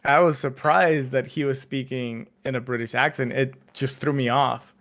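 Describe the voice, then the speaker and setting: A man's voice: medium pitch, steady tone, normal speed, fairly bright tone. A man co-hosting a podcast, chatting casually with lots of fillers and restarts. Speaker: podcast co-host. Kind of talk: casual chat.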